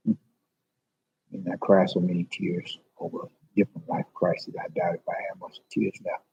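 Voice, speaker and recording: A man's voice: sits low, little pitch movement, normal speed, vocal fry, mellow, slight background noise. A man in a public library rambling emotionally and confessionally on a livestream to his viewers. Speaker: vlogger. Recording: dull lo-fi livestream audio.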